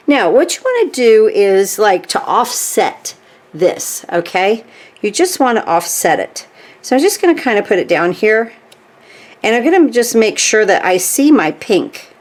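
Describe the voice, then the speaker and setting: A woman demonstrating a stitching craft step by step, chatty, checking in with "okay?" as she works. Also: mid-range voice. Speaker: craft tutorial host.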